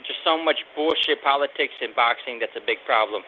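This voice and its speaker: A man's voice: mid-range voice, brisk. A man from Chicago calling in to a podcast, complaining frankly in casual chat over a tinny phone line with hiss. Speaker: caller.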